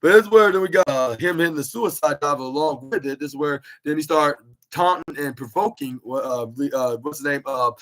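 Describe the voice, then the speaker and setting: A man's voice: a little high, brisk, fairly bright tone. A man hosting a podcast, recapping a wrestling show in a casual, rambling way with lots of filler words. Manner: rambling, heavy on "like" and "this is where". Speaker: podcast host.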